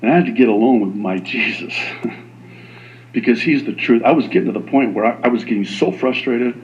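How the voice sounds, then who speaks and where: A man preaching a sermon as a pastor, animated and slipping into quoted voices. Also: mid-range voice, brisk, dull audio.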